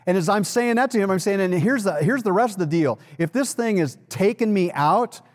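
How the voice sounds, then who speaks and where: A man's voice: high-pitched, animated, fairly quick. A man preaching a sermon as pastor, telling a personal story in a conversational way and building to emphatic peaks. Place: church sanctuary. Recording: long reverb of a large hall.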